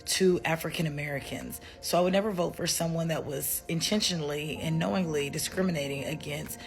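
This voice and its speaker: A woman's voice: low voice, fairly quick, faint music behind. A woman making a social media opinion video, confident, cutting and argumentative.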